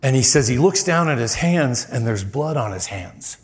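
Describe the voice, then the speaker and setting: A man preaching a sermon in a church, telling stories animatedly and jumping higher in pitch when he quotes people. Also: normal speed. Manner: animated storyteller, voice jumps high when quoting people. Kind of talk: sermon with storytelling.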